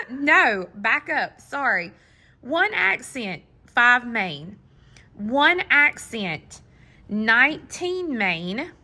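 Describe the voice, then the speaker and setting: A middle-aged woman teaching a hands-on beading tutorial, patient and step by step, sometimes counting beads quietly to herself. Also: on the high side. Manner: slow, patient, counting beads under her breath. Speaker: beading instructor.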